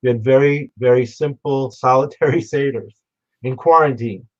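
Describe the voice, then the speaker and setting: A man telling stories in memory of his late brother at a remembrance gathering, speaking in a halting, reflective way with frequent restarts. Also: medium pitch, fairly even intonation, muffled recording. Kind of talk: storytelling remembrance. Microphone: remote broadcast.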